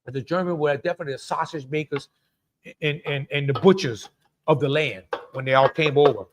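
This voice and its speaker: A man's voice: on the high side, brisk, noisy background. A middle-aged man hosts a live cooking stream in a chatty way, greeting viewers by name and laughing often. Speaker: cooking show host.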